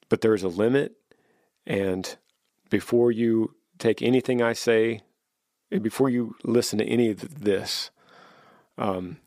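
This podcast host answers listener questions with earnest, heartfelt advice, often repeating himself and starting his sentences over. His voice is on the low side with a darkish tone, recorded at studio quality with no room sound.

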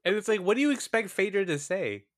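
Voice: medium pitch, animated, quick pace, dry recording, studio quality. A podcast co-host chatting casually and enthusiastically about a show, laughing often. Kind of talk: casual recap chat.

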